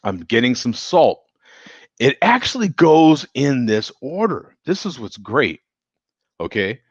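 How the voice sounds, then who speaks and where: A man's voice: mid-range voice, big pitch swings, takes it slowly, slightly rough, no echo, highs cut off. A man casually reviewing a beer on a live stream, joking and laughing often as he chats with viewers.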